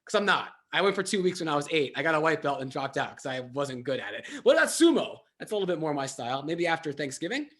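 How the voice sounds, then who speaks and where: A man hosts an online trivia game with an upbeat, playful manner. His voice sits high and he swings it around with animated energy. He keeps things light with self-mocking jokes as he walks players through the rounds. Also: fast, few pauses.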